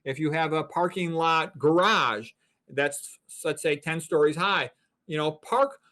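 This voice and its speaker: A blunt doctor in his sixties lectures with plenty of emphasis. His voice sits a little higher than most men's. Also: unhurried, bright, forceful tone. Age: 60s. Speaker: physician, guest. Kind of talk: interview talk.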